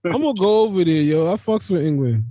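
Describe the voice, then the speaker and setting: A man's voice: sits high, lively intonation, fast talker, mellow, no room sound. Profane, laughing male podcast host. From Jamaican family. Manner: loose, profane, laughing banter with slang. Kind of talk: casual chat.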